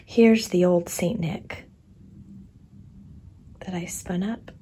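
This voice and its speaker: A woman chatting casually in a craft vlog, laughing often and slipping into quick whispered asides. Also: fairly low pitch, fairly even intonation, noisy background. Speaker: craft vlogger.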